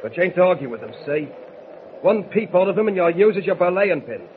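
A bullying mutineer barks gruff orders at his crew in a 1940s radio play. His voice is fairly high. Heavy hiss and a muffled, lo-fi sound cover the old recording. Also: sing-song, brisk. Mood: commanding. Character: menacing Cockney mutineer ringleader, rough sailor. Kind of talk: 1940s radio drama acting. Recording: lo-fi old radio transcription, noisy.

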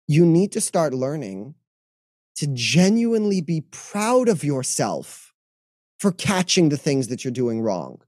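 Lively, mellow-voiced male coach. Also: mid-range voice, dry recording, clean studio sound. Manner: animated, acts out inner voices in quick asides. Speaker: mental health coach. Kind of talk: podcast interview talk.

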